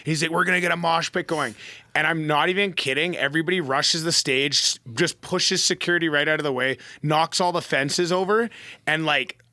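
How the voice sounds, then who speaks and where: A man with a fairly high, bright voice tells a story on a podcast in an animated, casual way, leaning on "like" as filler. He is recorded close to the mic in a dry, dead room. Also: brisk, no echo. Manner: animated, heavy use of "like" fillers. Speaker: pro athlete guest.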